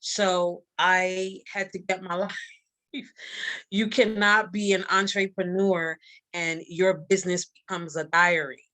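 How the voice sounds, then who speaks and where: A woman with a Barbadian accent, a magazine publisher and coach, is a guest on a live interview. She speaks emphatically, repeating her key lines like a preacher. Her voice is fairly low and fairly bright, steady in tone, and she takes it slowly.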